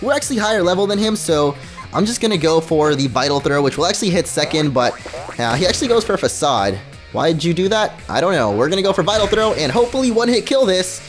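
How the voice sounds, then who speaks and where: A man hosting a gameplay video, commenting in a goofy, joking and excitable way. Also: sits high, quick pace, faint music behind. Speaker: let's play host.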